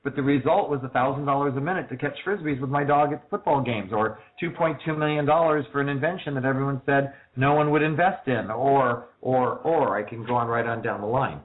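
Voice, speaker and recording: A man answering interview questions, telling stories briskly and acting out the quoted dialogue. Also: medium pitch. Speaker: interview guest. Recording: tinny phone-like audio.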